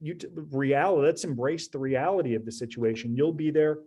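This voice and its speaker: A man's voice: fairly high pitch, brisk, mellow, husky. A man advising an audience in a webinar talk, direct and emphatic, often repeating his key phrases. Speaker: prison preparation advisor.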